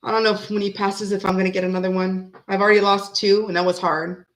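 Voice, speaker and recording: A woman hosting a tarot reading from home, chatting casually and rambling, who breaks into snippets of old songs and talks softly to her cat. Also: medium pitch, flat delivery, fast talker. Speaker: tarot reader and channel host. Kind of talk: casual chat on a live reading.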